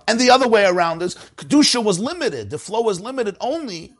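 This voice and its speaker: A man teaching a Torah class with a husky voice, swinging his pitch widely between low storytelling and high, emphatic points. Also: sing-song, fairly quick, hardly any pauses.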